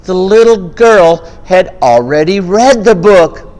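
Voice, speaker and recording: A man tells a farm tale to families in a slow, drawn-out way, his pitch leaping up and down as he acts out the animal noises. His voice rings with a long reverb. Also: lively intonation, a little mellow. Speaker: storyteller. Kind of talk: family storytelling with puppets.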